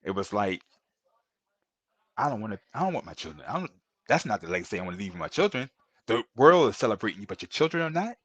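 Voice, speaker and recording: A man's voice: fairly low pitch, sing-song, fast talker, pauses often, dry recording. A middle-aged man, a podcast guest, telling earnest and emotional stories in a casual interview, often repeating himself and calling the host bro.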